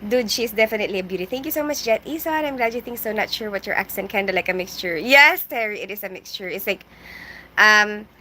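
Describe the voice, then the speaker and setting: A woman's voice: medium pitch, animated, fast, bright, forceful tone, slight background noise. A woman in her thirties with a mixed Filipino and British English accent, chatting casually on a livestream, rambling and laughing as she reads comments. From Philippines. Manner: chatty, rambling, laughs often, mixes in Tagalog. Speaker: livestream vlogger. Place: on a bed indoors, keeping quiet. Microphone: phone without headphones.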